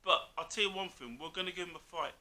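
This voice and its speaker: A man's voice: high-pitched, fast talker, pushed and bright. Blunt man calling everyone mate. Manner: blunt, argumentative, says "mate" constantly. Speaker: co-host, Liverpool fan. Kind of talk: casual football chat.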